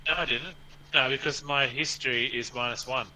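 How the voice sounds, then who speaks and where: A man's voice: mid-range voice, steady tone, normal speed, bright, forceful tone, rough recording. A man with an Australian accent chatting casually and joking around as a player in a tabletop game.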